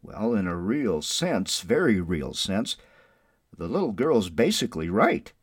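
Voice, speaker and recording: A man delivers an Easter sermon in a low voice, recorded close and dry with no room sound. He moves from hushed, sorrowful stretches to booming, exultant high points. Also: very animated, measured pace, breathy edge, no room sound. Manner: swells from soft and mournful to loud and jubilant. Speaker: pastor.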